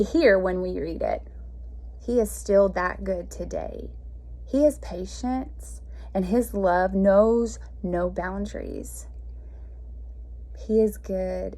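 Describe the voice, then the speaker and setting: A woman's voice: mid-range voice, mellow. A woman, reading and explaining a Bible passage in a folksy, conversational way. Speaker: Bible teacher. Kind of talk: informal devotional teaching.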